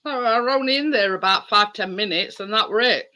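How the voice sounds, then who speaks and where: A man's voice: sits high, brisk, bright, forceful tone. A man, hosting a casual livestream chat and telling stories with plenty of laughs. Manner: chatty storytelling with frequent laughs. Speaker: livestream host. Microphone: livestream video call.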